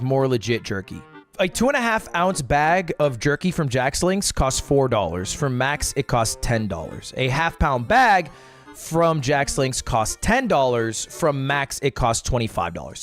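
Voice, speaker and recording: A man giving casual, joking streaming commentary while ranking products, animated and often profane. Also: mid-range voice.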